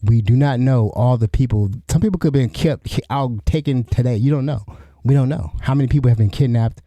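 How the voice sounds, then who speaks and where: A man's voice: medium pitch, a little fast, dark tone, dry recording. A middle-aged man hosting a solo podcast, rambling with frequent restarts and asides to the listener. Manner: rambling, restarts often, asks "you know what I'm saying?". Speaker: podcast host. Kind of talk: solo commentary.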